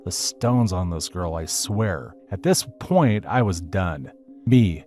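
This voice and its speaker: Low-voiced man reading a story. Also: animated, measured pace, darkish tone. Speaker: narrator. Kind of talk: reading a first-person story aloud. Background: faint music.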